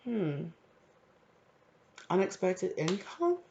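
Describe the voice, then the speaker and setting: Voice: mid-range voice, very animated, very slow, muffled recording, heavy background noise. A tarot reader giving a casual, channeled reading who rambles with many fillers and acts out imagined quotes.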